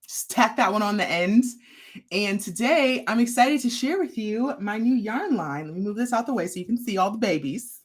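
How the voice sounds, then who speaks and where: Lively, bubbly woman chatting on a livestream. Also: medium pitch. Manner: bubbly, chatty, greets viewers by name. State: out of breath. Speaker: crochet designer and livestream host. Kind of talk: casual livestream chat. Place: messy home craft room.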